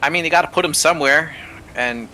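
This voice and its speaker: A man chatting casually as a streamer co-host, telling lively stories and swearing freely. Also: on the high side, fast, recorded from a distance, a little hiss or hum, rough recording. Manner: animated storyteller, swears freely. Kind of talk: casual chat while gaming.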